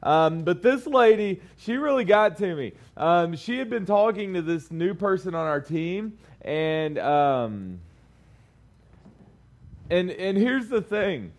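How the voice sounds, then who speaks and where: A man's voice: high voice, very animated, takes it slowly. A young man giving a casual youth sermon to a small group, telling a story in a chatty way with lots of fillers.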